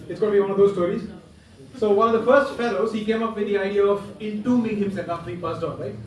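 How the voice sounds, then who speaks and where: A male stand-up comedian telling a long, winding story with deadpan asides at a small pub comedy night. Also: sits high. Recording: echoey pub room, far mic.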